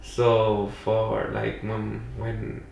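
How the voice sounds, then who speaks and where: Heard from a distant mic in an echoey room, with slight background noise, a young podcast guest from Pacoima in Los Angeles rambles through a casual story, leaning on "like" and "you know." His voice is lowish and darkish with vocal fry, the delivery completely flat and very slow.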